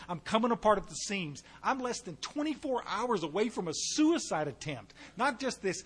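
A middle-aged man, giving a folksy personal testimony to a recovery meeting, with asides to the audience and bursts of animated volume. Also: high-pitched, moderate pace, few pauses, slightly rough. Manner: shifts between quiet and loud animated bursts.

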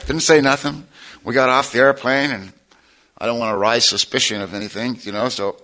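A man's voice: mid-range voice, fairly even intonation, fairly quick, bright, forceful tone, a little hiss or hum, poor audio. A middle-aged man sharing his personal testimony at a recovery meeting, plainspoken and folksy with wry humor.

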